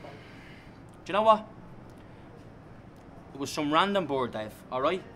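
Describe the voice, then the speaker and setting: A man's voice: fairly high pitch, sing-song, a little slow, bright, forceful tone, a little hiss or hum, exaggerated voice. An actor with a Dublin Irish accent playing a cocky young lad who taunts his friend with crude, sweary insults. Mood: mocking. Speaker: actor in a comedy series. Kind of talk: scripted comedy drama.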